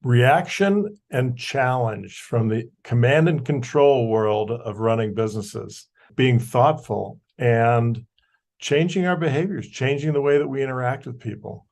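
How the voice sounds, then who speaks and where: A man hosts an interview and sums up what his guest has said in a reflective way. His voice has an ordinary middle pitch for a man. He speaks conversationally as he leads into the next question. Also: unhurried, creaky, darkish tone. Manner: reflective, summing up the guest's points. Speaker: host.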